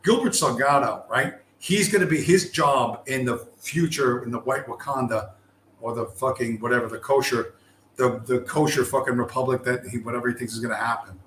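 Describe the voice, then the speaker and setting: A man's voice: medium pitch, moderate pace, a bit bright. A man delivering a profane, emphatic ranting monologue, hammering his points with repetition and swearing. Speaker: show host. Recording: roomy with faint background noise.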